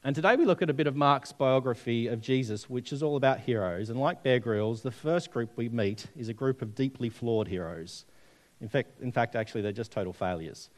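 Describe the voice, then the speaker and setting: A man's voice: mid-range voice, animated, brisk. A man preaching a sermon, telling stories and asking the congregation questions. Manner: storytelling, conversational, asks the audience questions.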